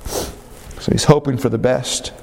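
A man preaching a sermon, telling a story dramatically, with sudden swings in pitch and pace. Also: fairly even intonation, slow, gravelly, darkish tone, big-room sound, slight background noise. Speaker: pastor.

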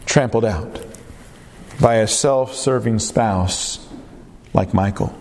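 A man's voice: lowish voice, takes it slowly, darkish tone, slight background noise. A male preacher delivering a sermon, stretching out phrases for emphasis and asking his listeners rhetorical questions. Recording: long reverb of a hall.

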